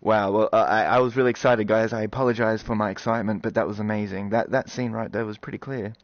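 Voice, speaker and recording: Excitable man commentating a game. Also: on the low side, fast talker, no room sound. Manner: excitable, swears, talks straight to viewers. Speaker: gaming video host. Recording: slightly dull recording with game music.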